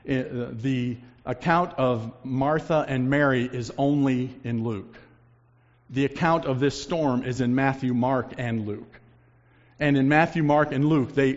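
Man preaching a sermon, loud then hushed, big echoey church, kinda muffled. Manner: dramatic shifts between loud emphasis and hushed low lines. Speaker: pastor. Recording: long reverb, dull lo-fi sound.

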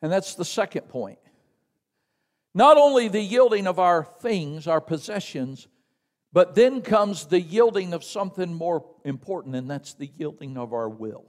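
Man, Southern accent, very high-pitched, emphatic preaching, congregation call-and-response, long church reverb. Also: lively intonation, measured pace, a little mellow. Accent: Southern American. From American South. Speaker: missionary preacher. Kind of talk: sermon. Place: church sanctuary.

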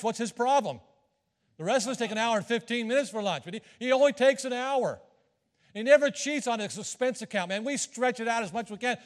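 A high-voiced visiting missionary preaches a sermon in a church sanctuary, folksy and joking as he converses with the congregation. The hall gives the recording a long reverb.

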